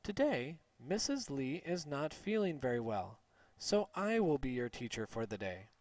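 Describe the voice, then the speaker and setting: A man's voice: medium pitch, big pitch swings, measured pace, no echo. A man voicing a friendly, encouraging female substitute teacher in a read-aloud storybook. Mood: cheerful. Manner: warm, encouraging.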